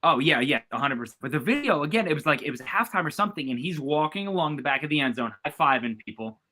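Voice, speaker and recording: A bright, forward-sounding man from the US East Coast chats easily as a podcast guest. He rambles along with plenty of fillers and restarts. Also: fairly high pitch, expressive, quick pace. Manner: chatty, many fillers and restarts. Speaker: guest sportswriter. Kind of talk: casual podcast chat.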